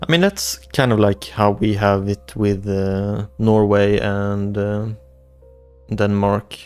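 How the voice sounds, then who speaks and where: Low, fairly even, and a little dark, this young streamer's clean voice moves at a slow pace. He reads chat aloud during a casual livestream, rambling with repetitions and restarts over faint background music.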